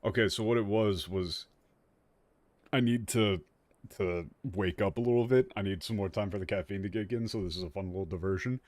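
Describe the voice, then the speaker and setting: A tired young man giving animated, joking let's-play commentary as a streamer, swearing freely. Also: on the low side, brisk, dry recording. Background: faint game music.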